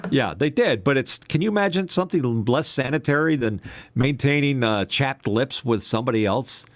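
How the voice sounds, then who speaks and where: A man's voice: mid-range voice, expressive, normal speed, dry recording. Older man telling rambling radio stories. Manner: rambling storyteller, many fillers. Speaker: co-host, former radio DJ. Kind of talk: casual podcast chat.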